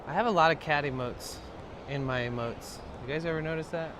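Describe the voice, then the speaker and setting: A man's voice: a little high, brisk, background noise. A man livestreaming outdoors from his phone, chatting casually with viewers, telling a story and swearing. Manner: rambling storytelling, swears, reads chat aloud. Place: outdoors in a van trip setting.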